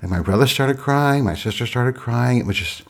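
A middle-aged man casually recounting a personal story in a halting, reflective way, often restarting his sentences. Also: medium pitch, animated, creaky.

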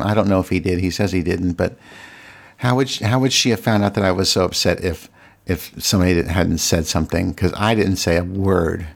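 A man with a very low voice and a rough, gravelly texture hosts his solo podcast on a desk mic. He talks candidly and with open exasperation, tripping into restarts and repeated words as he rambles on. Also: a little fast. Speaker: podcast host. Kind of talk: casual solo podcast monologue.

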